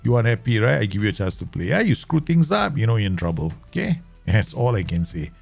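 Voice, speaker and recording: Gravelly Southeast Asian English game streamer. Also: male voice, on the low side, very animated, fast, faint music behind. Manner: chatty, laughs easily, talks to himself and chat. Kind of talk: live game commentary.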